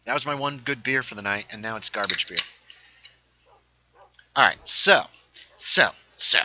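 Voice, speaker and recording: A man's voice: medium pitch, a little slow, dull audio, very noisy. A man casually chatting on a gaming livestream, rambling through stories and reading chat aloud. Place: home setup, playing a game.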